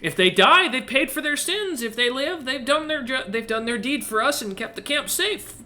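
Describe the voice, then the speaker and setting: A man voicing an excitable young male monster hunter in a tabletop role-play game, his talk rushed and climbing in pitch with glee. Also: heavily acted. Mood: gleeful.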